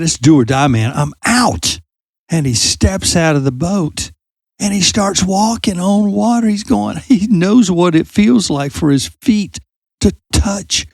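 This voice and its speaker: A man hosting a youth ministry podcast talks through a Bible story in a conversational way. His fairly high voice climbs sharply when he acts out the characters' shouted lines. The sound is dry and close. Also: no echo. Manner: animated storyteller who acts out quoted lines loudly; asks listeners direct questions. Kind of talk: conversational faith talk.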